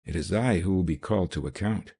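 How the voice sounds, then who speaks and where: A man reading an audiobook, voicing a composed gentlewoman who speaks gently and persuasively. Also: sits low, fairly quick, husky. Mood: calm, persuasive. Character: composed gentlewoman, calm and firm.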